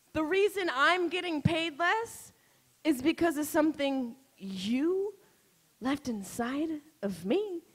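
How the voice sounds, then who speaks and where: A woman's voice: high-pitched, a bit bright. A woman doing a brash, profane stand-up set, bantering with the crowd from a comedy club stage.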